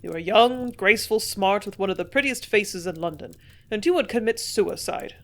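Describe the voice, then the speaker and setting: A woman voicing a scheming army major from an audiobook, speaking loud and brusque. He mocks and scolds in a forceful, impatient manner. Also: medium pitch, animated, normal speed, close to an everyday voice. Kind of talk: audiobook character reading.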